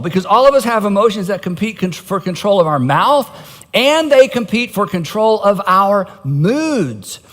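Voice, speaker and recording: A man's voice: sits high, fairly bright tone. A middle-aged male pastor preaching a sermon in a conversational, self-mocking way, with wry asides. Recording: long hall reverb.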